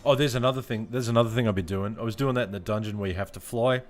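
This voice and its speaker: A man streaming a game from home, chatting and laughing with his viewers as he plays. His voice sits fairly low, with faint music playing underneath. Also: rapid-fire. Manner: laughs often, chats to viewers while playing. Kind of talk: casual live-stream chat. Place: home room.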